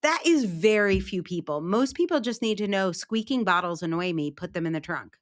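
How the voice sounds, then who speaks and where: A woman guest in a casual interview, telling stories in a lively way and acting out what people said. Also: medium pitch, fairly quick. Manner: animated storyteller, acts out quoted voices. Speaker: podcast guest.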